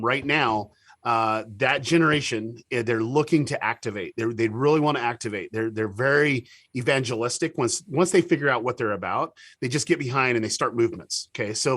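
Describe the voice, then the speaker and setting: A man being interviewed as a TV producer, telling stories in a lively way, with many restarts and acted-out quotes. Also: medium pitch, dry recording. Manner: animated storyteller with many restarts and quoted dialogue. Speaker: guest, TV show producer. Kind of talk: casual interview talk.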